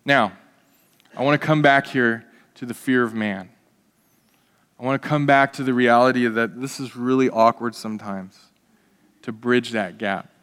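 A man preaching a conversational sermon as pastor, animated, with humorous asides. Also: medium pitch, normal speed, long pauses, smooth, in a large hall.

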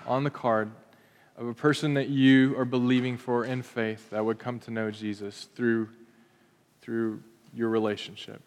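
A man leading his congregation as pastor, giving calm, gentle instructions. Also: medium pitch, measured pace. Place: church auditorium. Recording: reverberant hall sound.

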